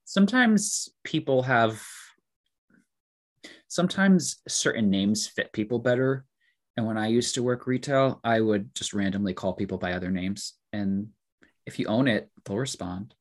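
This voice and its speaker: A man's voice: lowish voice, a little slow. Teasing, rambling male podcast co-host. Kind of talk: casual chat.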